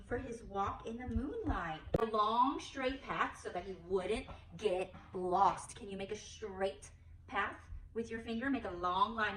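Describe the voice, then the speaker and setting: A young woman, a preschool teacher, reading a picture book aloud to a toddler in an animated, coaxing, sing-song way. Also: mid-range voice, reverberant, distant mic, slight background noise, poor audio.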